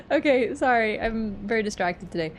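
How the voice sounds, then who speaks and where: A young woman live-streams a video game and talks to her chat in a loose, playful, teasing way, full of "like" and "I mean." Her voice sits at a medium pitch. A faint rumbling noise hums behind her. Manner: chatty, playful, teasing, thinks out loud with many fillers. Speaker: gaming streamer.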